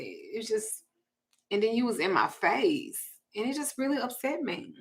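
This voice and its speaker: A Southern woman chats casually on her livestream and tells a story bluntly, with plenty of cursing. She talks in an animated way, and her voice jumps loud now and then. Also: on the high side, unhurried. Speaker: livestream host reading viewer comments.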